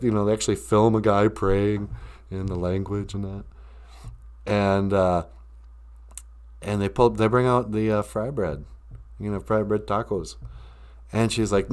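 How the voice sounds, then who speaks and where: A man's voice: fairly low pitch, darkish tone. A man with a Minnesota accent, hosting a live stream in a casual, joking monologue, mocking people with put-on voices.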